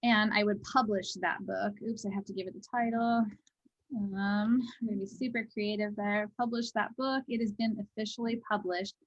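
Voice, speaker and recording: A woman at an average pitch gives a relaxed, chatty walkthrough of a program for teachers. She talks loosely and leaves plenty of fillers in her sentences. She is speaking over a video call. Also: moderate pace, dull audio. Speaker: presenter training teachers. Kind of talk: casual software walkthrough.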